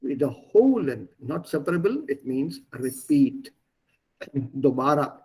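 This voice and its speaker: Teaching German online, this man patiently walks students through words and says them again. There's a slight huskiness to his a-little-high voice, which climbs and dips with animated stress. The pace is a bit slow and the audio quality is rough.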